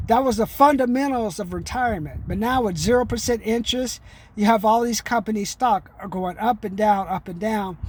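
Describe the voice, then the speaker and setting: A man's voice: sits high, a little mellow, slight background noise. A middle-aged man talking to his camera in a loose, rambling way, streetwise and peppering his talk with "man". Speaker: vlogger. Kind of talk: casual rambling monologue.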